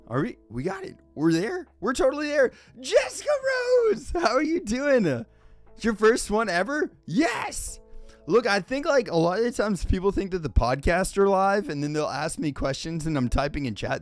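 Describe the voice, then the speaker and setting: Energetic man greeting his live chat. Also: fairly high pitch. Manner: energetic, greets chat by name with loud exclamations. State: a little winded. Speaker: streamer hosting a live reaction show. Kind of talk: casual live-stream chat.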